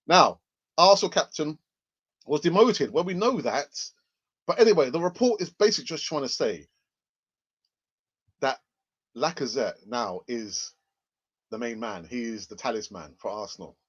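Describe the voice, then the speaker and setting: A man hosts a live football news stream, chatting and rambling with sarcastic asides. His mid-range voice has lively intonation, normal speed, long pauses, a slightly bright quality and a breathy edge. The stream audio is dull and lo-fi.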